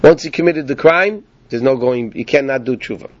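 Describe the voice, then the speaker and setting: A man's voice: medium pitch, normal speed, muffled recording. A man teaching an informal Torah class to a small group in the evening. He explains by asking rhetorical questions and often checks in with his listeners.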